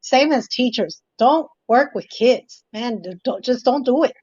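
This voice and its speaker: A woman's voice: a little high, animated, measured pace, darkish tone, no echo, highs cut off. A woman hosting a talk show who speaks emphatically, repeating herself when indignant. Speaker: host. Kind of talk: live call-in talk show.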